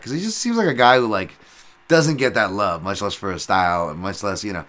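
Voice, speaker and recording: A man in his thirties hosts a podcast, his voice low-pitched yet forceful and tense. He rambles in a loose, profane way, full of fillers and restarts, and flares up loud when something excites him. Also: a little fast. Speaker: podcast host. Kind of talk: casual podcast talk.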